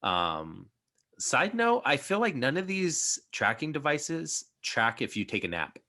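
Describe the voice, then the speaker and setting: A man's voice: mid-range voice, wildly swooping pitch, a little slow, bright, forceful tone. A young man hosting a podcast, chatting casually and rambling with lots of fillers and restarts. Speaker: podcast host. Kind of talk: casual chat.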